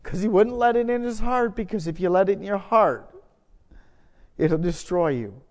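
A middle-aged man preaching a sermon, conversational and self-deprecating, building to loud emphatic moments. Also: high voice, normal speed. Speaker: pastor. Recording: long hall reverb.

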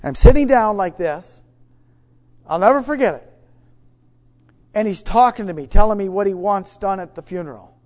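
A man preaching, telling a story with many restarts, swinging from hushed to loud. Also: high voice, lively intonation, moderate pace, long pauses. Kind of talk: sermon storytelling.

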